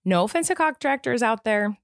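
A woman co-hosting a casual chat, telling stories in a chatty, animated way. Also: on the high side, a little fast, creaky, no room sound, clean studio sound. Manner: chatty, animated storytelling with many "like"s. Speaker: podcast co-host.

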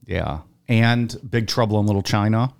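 A man's voice: lowish voice, normal speed, gravelly, clear, resonant tone. A man co-hosting a podcast, chatting casually with jokes and rambling asides. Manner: joking, rambling, full of fillers and restarts. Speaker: podcast co-host. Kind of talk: casual banter.

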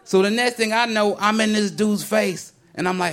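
A male stand-up comedian telling a story in an animated, conversational way and slipping into voices for the people in it. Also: high voice, moderate pace.

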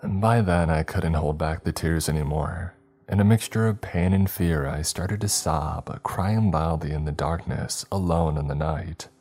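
A man narrating a scary story in a measured, somber telling. His voice is extremely deep and husky, with a low, breathy grain. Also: a little mellow, soft background music. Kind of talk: scripted horror narration.

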